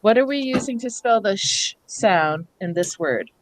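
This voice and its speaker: A woman running a hands-on workshop for teachers, patient and explanatory, often pausing to check that the group follows. Her voice sits at an ordinary middle pitch. It is recorded close and dry in a school room. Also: expressive, dry recording, rough recording. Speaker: reading workshop presenter for teachers.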